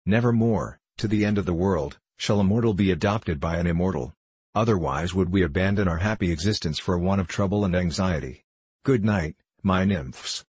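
A man's voice: sits low, moderate pace, darkish tone, husky, no echo. A man reading the part of a stern, ancient male master woodsman in a spoken storybook, grave and commanding.

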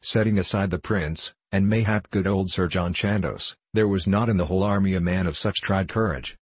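A plain-spoken country woodman with a deep, husky voice, as a male storyteller reads him. The sound is close and dry. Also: normal speed, no echo. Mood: admiring.

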